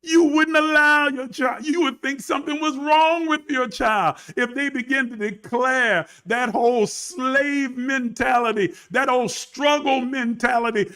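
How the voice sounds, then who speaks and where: A man's voice: extremely high pitch, a little slow, few pauses, sharp tone. A male preacher delivering an emphatic sermon, calling out to his listeners with rhetorical questions.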